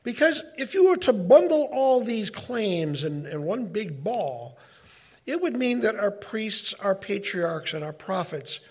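A middle-aged man giving an informal Bible teaching, talking in a conversational, animated way and often breaking off mid-sentence. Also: high voice, husky. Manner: conversational, animated, self-interrupting.

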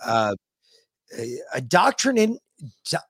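A man's voice: mid-range voice, sing-song, takes it slowly, a bit bright. An American man co-hosts a casual podcast, telling stories with plenty of swearing. He acts out other people's lines as he goes, in a mid-range voice. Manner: profane storyteller, acts out quotes animatedly. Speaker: podcast co-host. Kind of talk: casual chat.

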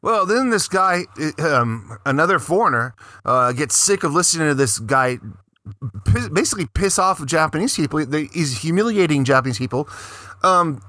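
Bright-voiced man ranting profanely. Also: on the high side, animated, moderate pace, dry recording, clean studio sound. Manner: profane, heated retelling. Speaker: co-host. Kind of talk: casual podcast news chat.

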